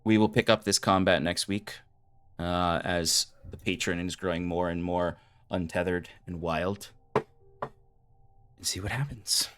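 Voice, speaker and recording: Low-voiced man running a tabletop game. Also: steady tone, a little slow, a bit bright, soft background music. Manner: casual, filler-heavy description with lots of "like" and "um". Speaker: game master.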